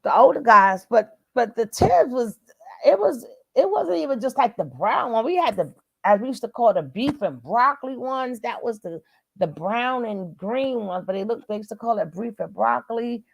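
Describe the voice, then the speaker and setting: A woman's voice: on the high side, lively intonation, normal speed, gravelly, husky. A woman with a Brooklyn accent hosting a casual live chat, chatty and calling everyone baby. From Brooklyn, New York. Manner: warm and chatty, calls people baby and darling. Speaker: livestream host.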